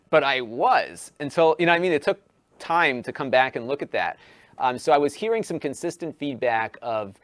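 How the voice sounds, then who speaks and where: A YouTube tech channel host talks animatedly in a casual podcast conversation, restarting often and raising his voice for quoted lines. He speaks briskly at a medium pitch, with no echo.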